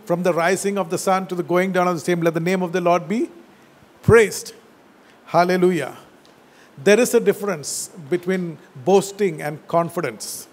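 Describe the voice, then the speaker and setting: A pastor preaches in a high-pitched voice, leaning hard on key words. He slows down to quote scripture and lets his phrases fall low and soft at the end. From India. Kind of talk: sermon.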